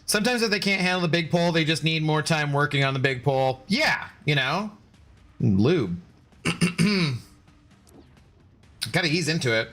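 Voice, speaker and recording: A man's voice: a little high, animated, moderate pace, long pauses, a bit bright, soft background music. A man live-streaming a game, joking and bantering as he answers his chat. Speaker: gaming streamer.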